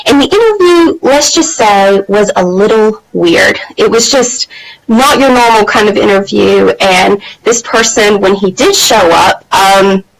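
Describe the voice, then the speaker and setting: A woman's voice: medium pitch, animated, a little slow, rough recording. A woman hosting a motivational live stream, telling a personal story in a candid, chatty way with plenty of fillers. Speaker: host of a women's empowerment channel.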